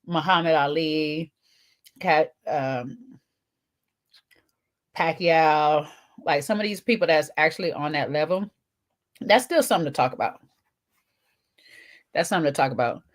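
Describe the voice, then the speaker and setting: A woman's voice: deep voice, measured pace, pauses often. A woman, co-hosting a casual chat show, talking to viewers while eating, with teasing asides. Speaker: podcast co-host.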